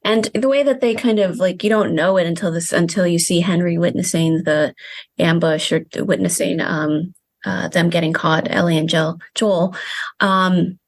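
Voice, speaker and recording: A woman who is a media studies professor, discussing a TV episode in casual conversation with frequent pauses and fillers. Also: on the low side, steady tone, dry recording. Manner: hesitant, many fillers like "um" and "like". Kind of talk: casual analytic chat.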